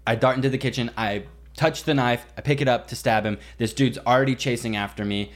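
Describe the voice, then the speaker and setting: A young man co-hosting a podcast, telling a story in casual chat, animated and full of swearing and "like". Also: mid-range voice, a little fast. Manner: animated, swearing, heavy use of "like". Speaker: podcast co-host.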